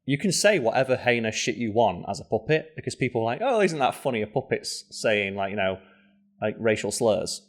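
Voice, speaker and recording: A man co-hosting a podcast, chatting casually with quick asides and frank swearing. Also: fairly low pitch. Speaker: podcast co-host. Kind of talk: casual chat.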